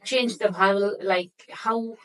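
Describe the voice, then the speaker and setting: A woman hosting an interview talks slowly through long, winding questions. She pauses often with "uh" while she searches for the right word, and her phrasing sounds unpracticed. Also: mid-range voice, fairly even intonation, fairly bright tone, low-quality recording. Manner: halting, searching for words, non-native phrasing. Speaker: interview host.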